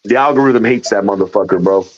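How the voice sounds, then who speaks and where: A man's voice: fairly low pitch, quick pace. A man joking around on a live-stream call, teasing and swearing, with frequent laughs. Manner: teasing, profane, laughs a lot. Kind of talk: casual live-stream chat. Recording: muffled call audio.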